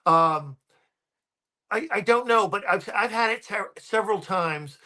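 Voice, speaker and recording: A man's voice: sits high, unhurried, sharp tone. A man, a guest paranormal researcher, telling stories in a casual podcast chat and rambling with many ums and restarts.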